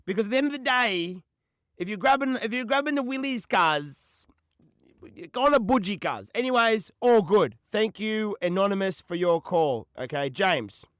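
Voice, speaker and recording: A man's voice: sits high, animated, normal speed, a bit bright, smooth, no echo, studio quality. A young Australian man hosting a call-in podcast, rambling in slang and ending lines with "cuz" and "bro.". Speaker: podcast host. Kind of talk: casual chat answering callers.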